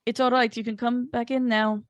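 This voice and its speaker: A woman's voice: fairly high pitch, flat delivery, brisk, dry recording, pitched above the performer's own voice, close to an everyday voice. A woman voicing an anxious young woman, long held captive, in a put-on Scottish accent, in a tabletop game. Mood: reassuring.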